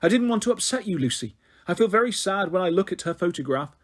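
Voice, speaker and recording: A man's voice: high-pitched, lively intonation, quick pace. A man reading a storybook, voicing a stern, reproachful middle-aged father.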